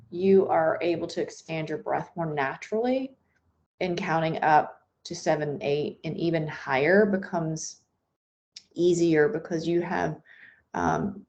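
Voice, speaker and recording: A woman's voice: deep voice, darkish tone, dull audio. A woman leading a guided breathing meditation in an unscripted, soothing way, with occasional fillers and restarts. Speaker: meditation instructor.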